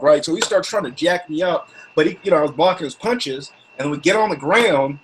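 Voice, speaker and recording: A man telling a rowdy story in casual chat, animated and profane, acting out what others said. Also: on the high side, fairly quick, a little hiss or hum.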